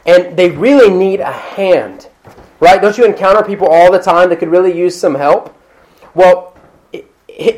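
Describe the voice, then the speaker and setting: High-voiced pastor preaching conversationally. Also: male voice. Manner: conversational preaching with asides and laughter, acting out quotes. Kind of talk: sermon. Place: church hall with congregation.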